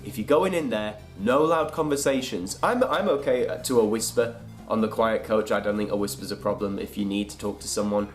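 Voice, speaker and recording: A man's voice: lowish voice, a little fast, faint music behind. A young British man in a comic vlog monologue, chatty and sarcastic, sounding a little unwell. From United Kingdom. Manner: chatty, sarcastic, jumps into silly voices. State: unwell, congested. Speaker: comedy vlogger.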